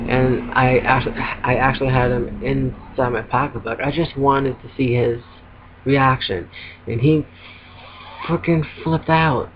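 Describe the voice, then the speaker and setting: A man's voice: medium pitch, fairly even intonation, moderate pace, noisy background. A man venting casually to camera from home, rambling with lots of ums and little laughs. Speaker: vlogger. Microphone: laptop webcam. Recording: dull lo-fi webcam audio.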